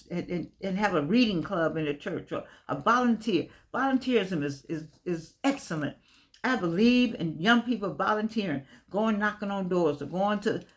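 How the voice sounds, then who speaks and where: An older woman talking casually to camera from her home, chatty and repetitive, calling her listeners "baby". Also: medium pitch. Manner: chatty, repeats phrases, calls listeners "baby". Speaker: vlogger.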